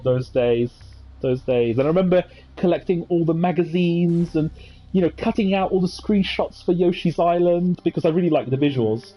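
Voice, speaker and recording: A man's voice: fairly high pitch, fairly quick, muffled recording. A man, chatting casually and reminiscing over gameplay with many fillers and asides. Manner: rambling, nostalgic storytelling with many fillers. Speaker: gaming channel host.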